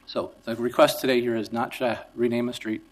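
A man's voice: mid-range voice, flat delivery, a little fast, rough recording. A man presenting as city staff, explaining a procedure to the council.

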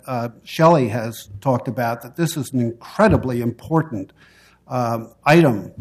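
A man giving formal public testimony at a city council hearing, speaking in a measured, deliberate way and pausing between phrases. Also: mid-range voice, darkish tone.

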